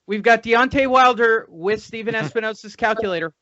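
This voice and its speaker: Brief: male podcast host, crude banter, tense and bright tone; dull, dry call audio. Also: sits high, brisk, hardly any pauses. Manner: crude, joking, leads the questions. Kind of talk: casual sports podcast chat.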